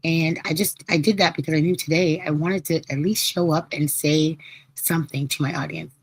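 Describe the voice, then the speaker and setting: A woman hosting a live podcast stream, her voice a little hoarse as she recovers from losing it, chatting casually and playfully with listeners. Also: deep voice, fairly even intonation, normal speed, dry recording, rough recording. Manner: chatty, laughing, storytelling with playful quoted asides. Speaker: podcast host.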